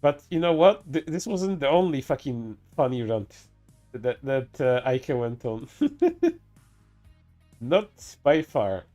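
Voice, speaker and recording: A man's voice: medium pitch, very animated, slow, mellow, lo-fi sound, soft background music. A man streaming casual reaction commentary, cursing freely, stammering through restarts and laughing often.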